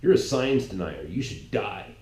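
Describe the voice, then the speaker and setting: A man's voice: on the low side, lively intonation, a little slow, creaky, mellow, reverberant. A man giving a heated political monologue, rambling and restarting his sentences as he goes. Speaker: political commentator. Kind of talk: ranting monologue.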